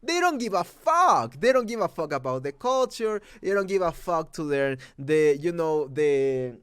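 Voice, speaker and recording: A man's voice: fairly high pitch, sing-song, unhurried, fairly bright tone, clear, resonant tone, no room sound. A young Mexican man with a Mexican accent, ranting about a movie dub, profane and exasperated with frequent restarts. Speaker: movie reviewer. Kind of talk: angry rant.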